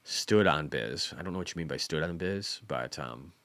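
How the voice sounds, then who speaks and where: A man's voice: extremely low pitch, animated, moderate pace, fairly bright tone, no echo. A man in his forties hosting a casual stock market livestream, rambling and self-deprecating, often repeating words. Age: 40s.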